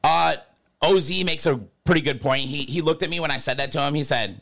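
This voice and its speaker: A man's voice: a little high, a little fast, vocal fry, fairly bright tone. A young man talking loosely and jokingly on a casual podcast, full of slang. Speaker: podcast co-host.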